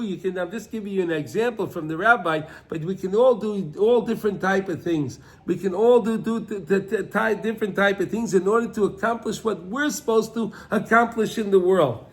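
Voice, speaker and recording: A man with a high voice teaches a Torah class in a loose, talky way. He keeps checking in with "right?" and says things twice. Hebrew and Yiddish words come up often as he speaks. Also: normal speed, few pauses. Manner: conversational, keeps asking "right?" and repeating himself; mixes in Hebrew and Yiddish terms. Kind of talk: Torah class on the weekly portion.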